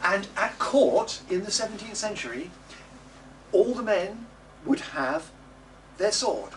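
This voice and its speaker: In a classroom or studio, a man with a high voice and big pitch swings teaches singing at a slow pace. He coaxes the class along and models phrases by singing, heard through a distant mic amid background noise.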